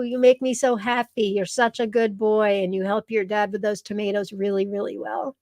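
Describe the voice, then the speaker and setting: A woman's voice: medium pitch, level tone, normal speed, hardly any pauses, a little mellow, dry recording. A woman hosting a live stream in casual chat, gushing and reading viewer comments aloud, tearful at times. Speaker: live show host.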